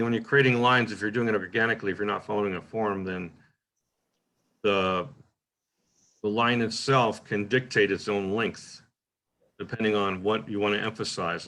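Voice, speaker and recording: Gravelly low-voiced man lecturing on poetry. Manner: explains points by reading the same example line aloud several ways; relaxed, thinking aloud with frequent "uh" and "right?". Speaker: poetry workshop host. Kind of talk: informal lecture on poetry craft.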